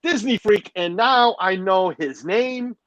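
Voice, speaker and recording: Speaking slowly in a high-pitched, slightly bright voice, this middle-aged livestream host jokes and rambles while saying hello to his chat. It's loose conversation with a live audience, and the recording's highs are cut off.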